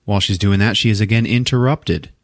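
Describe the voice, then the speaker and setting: On this clean studio recording with no echo, a podcast host laughs his way through a crude, casual movie recap. He's an animated storyteller with a lowish voice and a quick delivery.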